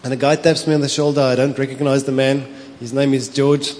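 A pastor with a South African accent, preaching a sermon, telling stories with animation, slipping into Afrikaans and laughing often. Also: male voice, mid-range voice, flat delivery, a little fast, darkish tone. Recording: long hall reverb with faint ambience.

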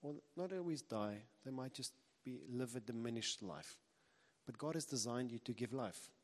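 A man delivers a sermon in an earnest, conversational way, circling back and restarting as he talks. His voice sits at an ordinary pitch and carries a long reverb from a large hall. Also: lively intonation, moderate pace. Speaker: preacher.

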